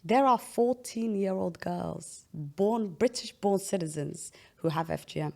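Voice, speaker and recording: A woman's voice: fairly low pitch, unhurried, creaky. A young woman hosting an interview, explaining at length in an earnest, casual way with frequent restarts. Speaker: podcast host.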